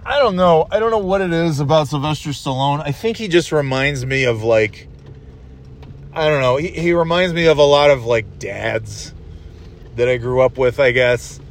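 A man in his forties rambling through a solo talk from the driver's seat, swearing freely and stumbling over fillers. His pitch sits in the middle of the range, with a faint engine hum beneath. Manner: rambling, profane, full of fillers. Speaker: podcast host. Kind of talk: casual solo monologue while driving. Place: inside a moving car. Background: faint vehicle hum.

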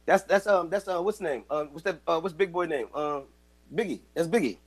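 A young man runs a live audio room in a high voice, full of crude jokes and laughter. He keeps hyping up his listeners and urging them to send reactions. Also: a little fast. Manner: loud, joking, laughs often, hypes the listeners. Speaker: room host.

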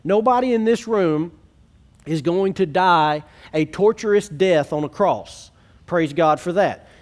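This pastor's voice is a little high and a little mellow. He addresses a church congregation in the sanctuary, sermonizing earnestly and conversationally while throwing rhetorical questions at those gathered.

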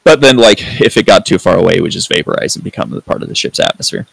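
A man's voice: deep voice, very animated, quick pace, vocal fry, fairly bright tone, husky, no room sound, poor audio. A man hosting a podcast in casual review chat, rambling with lots of fillers and free swearing. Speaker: podcast host.

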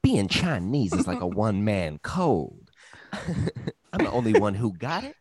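A man putting on the voice of a smooth, boastful guy who lectures with swagger and laughs at his own lines. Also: on the low side, big pitch swings, a little slow, darkish tone. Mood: smug.

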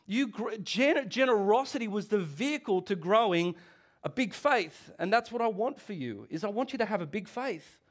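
A middle-aged man preaching a sermon as pastor, animated and conversational, with asides and restarts. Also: sits high, normal speed.

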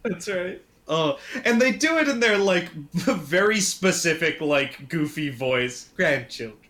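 A man's voice: high voice, lively intonation, slow pace, a bit bright. A man co-hosting a podcast, gushing enthusiastically, cursing casually and laughing a lot. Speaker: podcast co-host reviewing sketch comedy. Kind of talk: casual chat.

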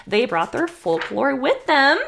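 A woman's voice: sits high, big pitch swings, measured pace, vocal fry. A young woman from Idaho, co-hosting a podcast, telling history in a rambling, casual, profane way full of "like". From Idaho, USA. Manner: rambling, profane, says "like" a lot. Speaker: podcast co-host.

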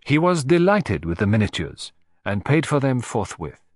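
A male reader gives voice to a meticulous middle-aged Belgian detective. His speech is measured, exact and gently mocking, and his pitch rises and falls with lively emphasis. The recording is dry and close, like a storybook read in a studio. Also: no room sound. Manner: precise, measured, lightly ironic.

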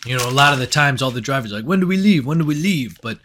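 A man imitating an older male warehouse manager with a raspy, slow, matter-of-fact drawl. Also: medium pitch, expressive, a bit bright.

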